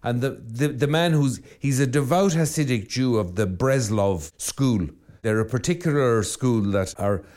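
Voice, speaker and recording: A priest giving a reflective sermon that drifts into storytelling. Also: male voice, fairly low pitch, darkish tone. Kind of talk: spoken sermon.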